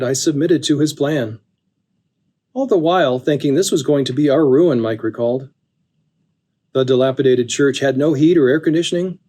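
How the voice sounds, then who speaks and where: A man narrating a magazine story in a calm, measured reading voice. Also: medium pitch. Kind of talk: scripted narration.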